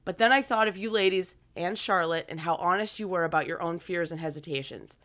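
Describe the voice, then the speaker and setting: Here the woman's voice is lowish, fairly quick, and a touch bright. She's co-hosting a podcast, chatting casually, reading out listener letters eagerly, and laughing frequently along the way.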